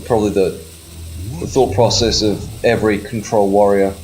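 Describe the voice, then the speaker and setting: A man's voice: on the low side, fairly even intonation, moderate pace, a little mellow, faint music behind. A man giving casual, sarcastic and profane commentary over his own gameplay.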